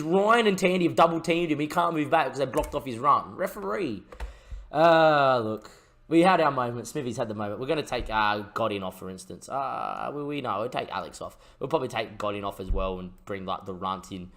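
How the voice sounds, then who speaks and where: Man, young adult, let's-play game commentary, mutters low then bursts into excited shouts. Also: normal speed. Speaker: gaming YouTuber and streamer.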